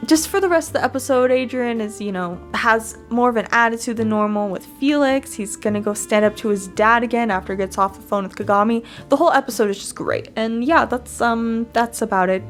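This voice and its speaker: Giggly woman host, fairly high voice. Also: fairly quick, few pauses, faint music behind. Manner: giggly, chatty, laughs often. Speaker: fan channel host. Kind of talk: casual fan commentary.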